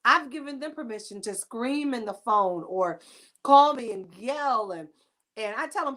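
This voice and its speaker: A talk show host, a woman with a high voice, speaking emphatically and with animation as she urges her listeners. She drives her points home in a preachy, storytelling way. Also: lively intonation, moderate pace, a bit bright.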